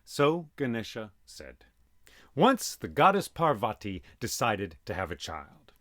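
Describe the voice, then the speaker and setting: A man telling an old myth aloud as host, dramatic and animated, voicing sound effects as he goes. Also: on the low side, a little slow, no echo, studio quality. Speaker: storyteller and podcast host. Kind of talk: oral storytelling of myth.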